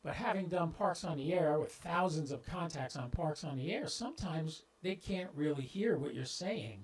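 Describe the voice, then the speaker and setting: A man's voice: on the high side, lively intonation, normal speed, slight background noise, rough recording. A man with a slightly raised voice hosts a ham radio livestream in a casual, folksy way. He speaks straight to his viewers and drops in little jokes. A clip-on mic on his shirt picks him up, with some popping. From southeastern US. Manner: folksy, talks directly to viewers, stumbles into jokes. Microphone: clip-on microphone on shirt.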